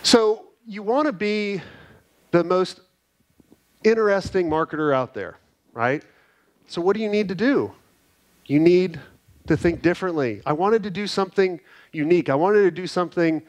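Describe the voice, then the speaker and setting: An energetic man delivers a keynote to a live audience in a conference hall, his voice a little high. He tells animated stories and keeps tagging his lines with "right?"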